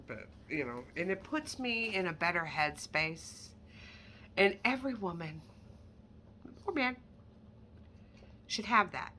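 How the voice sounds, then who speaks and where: With a lowish, sharp-toned voice and a faint hiss or hum in the background, a woman shows off handbags she's selling. She keeps it casual and candid, tossing in self-deprecating asides. She's an online handbag reseller making a relaxed product showcase vlog.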